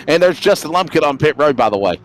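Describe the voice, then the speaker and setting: A man's voice: on the high side, sing-song, fairly quick. A man doing color commentary on a sim truck race, full of jokes and laughing banter. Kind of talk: sim racing broadcast commentary.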